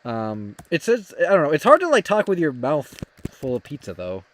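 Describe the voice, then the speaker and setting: Lively rambling young male streamer. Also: on the high side, moderate pace, slight background noise. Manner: rambling, many fillers and restarts, reads chat aloud. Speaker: livestream host. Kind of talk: casual livestream chat.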